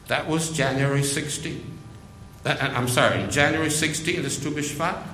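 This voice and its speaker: A man preaching a sermon, slow and emphatic, repeating phrases for weight. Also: fairly high pitch, steady tone, pushed and bright, echoey room, a little hiss or hum, rough recording.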